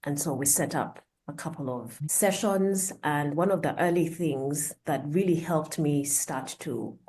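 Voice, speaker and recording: A woman's voice: sits low, unhurried, darkish tone. A woman guest on a podcast, telling a personal story in an earnest, reflective way.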